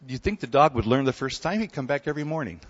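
A man preaching a sermon in a relaxed, conversational way, telling stories and often checking in with his listeners. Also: medium pitch, rapid-fire. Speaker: pastor. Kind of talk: sermon with storytelling. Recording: dull recording in a hall with long reverb.

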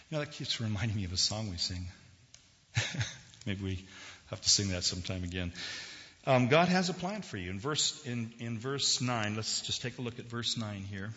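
A male pastor delivers a sermon in a bright, forceful voice and keeps quizzing his congregation. The recording is dull and lo-fi, with a long church reverb around him. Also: fairly low pitch. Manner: conversational, questions the congregation. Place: church sanctuary.

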